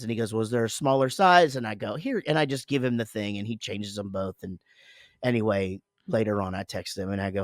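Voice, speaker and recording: A man's voice: fairly low pitch, brisk, no echo, clean studio sound. A man in his forties, co-hosting a casual podcast, telling a rambling, profane story about his morning with lots of self-interruptions. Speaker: podcast co-host, father.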